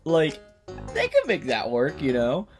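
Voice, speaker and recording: A man's voice: fairly high pitch, huge pitch swings, measured pace, faint music behind. Rambling man ranting for laughs. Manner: rambling, with sudden loud outbursts. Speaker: video host. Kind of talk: casual comedic rant.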